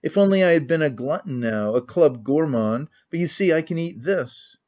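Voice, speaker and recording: A man's voice: on the high side, lively intonation, moderate pace, a little mellow, lightly acted. A man voicing a cynical, talkative middle-aged nobleman who rambles with languid candor, on a muffled lo-fi recording.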